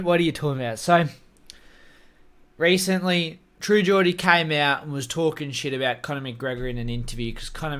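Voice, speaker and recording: A man's voice: mid-range voice, fairly bright tone. A man talking casually to camera, giving opinionated, rambling takes on fights and swearing freely. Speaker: MMA commentary YouTuber.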